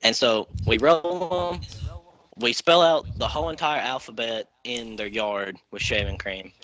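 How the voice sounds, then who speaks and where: Bright, fast-talking young man swearing. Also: mid-range voice, low-quality recording. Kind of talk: casual storytelling.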